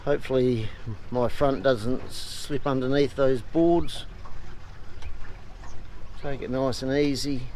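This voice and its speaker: Aussie male travel vlogger, relaxed and casual, outdoor camera mic, faint noise. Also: medium pitch, takes it slowly, pauses often, low-quality recording. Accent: Australian. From Australia. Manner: laid-back, swears casually, many "uh" fillers. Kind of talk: casual vlog narration. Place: outdoors on a river boat. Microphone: handheld camera mic.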